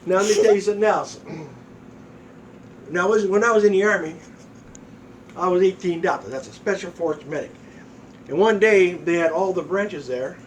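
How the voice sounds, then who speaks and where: A man's voice: high-pitched, distant mic, slight background noise, rough recording. A man in his sixties telling crude, profane jokes in a folksy storytelling way, acting out voices.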